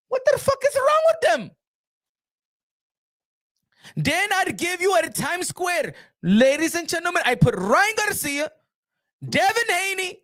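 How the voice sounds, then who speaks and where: A man doing an impression of a boastful, rich male boxing promoter, shouting and swearing in exasperation. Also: very high-pitched, pitched above the performer's own voice, exaggerated voice.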